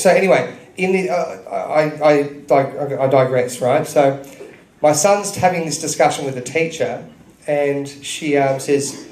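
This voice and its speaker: A man's voice: a little high, a little mellow. A man in his thirties giving an earnest, preachy speech to an audience at a club, telling stories. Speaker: speaker at a public gathering. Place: club function room. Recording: echoey hall.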